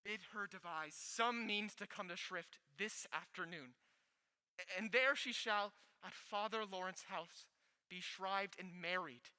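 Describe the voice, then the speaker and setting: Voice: mid-range voice, unhurried, pushed and bright, clear, resonant tone. A young stage actor playing an earnest young man in love in a school play. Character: ardent young lover, man. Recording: school hall reverb.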